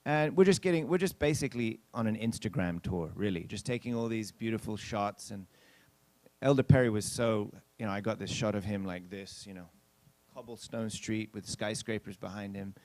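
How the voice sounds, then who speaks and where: Chatty pastor telling a story, dry sound. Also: male voice, fairly low pitch, normal speed, a little mellow, dry recording. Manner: chatty anecdotal telling with acted-out quotes; addresses the congregation directly. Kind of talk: storytelling sermon.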